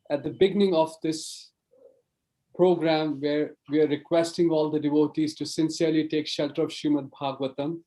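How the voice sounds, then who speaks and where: A man's voice: fairly high pitch, mellow, low-quality recording. A man hosting a program, graciously thanking the speaker and repeating his thanks. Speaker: program host. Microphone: video call mic.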